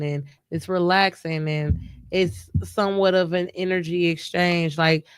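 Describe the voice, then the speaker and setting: Grieving woman, smooth clear voice. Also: fairly low pitch, dry recording, clean studio sound. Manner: emotional, rambling, restarts often. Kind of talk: casual chat. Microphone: live stream mic.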